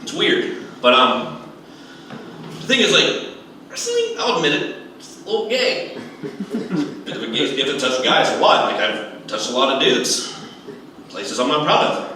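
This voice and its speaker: A young man doing a stand-up comedy set, telling animated stories and acting out other people's voices. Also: fairly high pitch, a little slow, long pauses, distant mic, a little hiss or hum. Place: comedy club stage. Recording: echoey room heard from afar.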